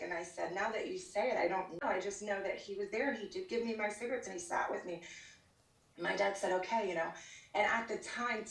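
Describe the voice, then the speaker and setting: A woman's voice: mid-range voice, fairly even intonation, brisk, gravelly. A woman guest on a live church show, telling her life testimony in an earnest, storytelling way with fillers and restarts. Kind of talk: casual spoken testimony. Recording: roomy sound from a distance over a call.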